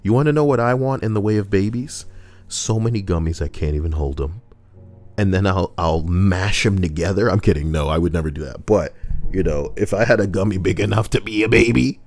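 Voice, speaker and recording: A man with a very low, deep voice reads out online posts and mocks them in loose, crude commentary. He is sarcastic and rambles off on tangents as he goes. Soft music plays quietly behind him. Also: expressive, brisk. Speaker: YouTuber reading Reddit posts. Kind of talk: casual comedic commentary.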